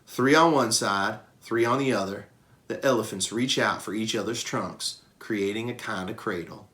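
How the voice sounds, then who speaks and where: A man reading a children's novel aloud with expressive narration. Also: fairly low pitch, moderate pace. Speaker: reader. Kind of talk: storybook read-aloud.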